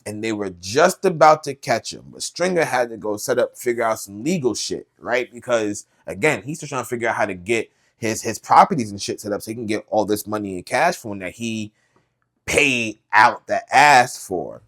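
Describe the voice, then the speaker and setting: A man hosting a podcast, casually recapping a TV series in slangy, animated storytelling with lots of filler. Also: on the low side, normal speed. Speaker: podcast host.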